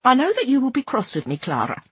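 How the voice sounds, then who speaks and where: A woman reading a first-person story aloud, expressive and acting out the dialogue. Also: high-pitched, quick pace, slightly rough, no echo. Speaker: audiobook narrator. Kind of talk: scripted first-person narration.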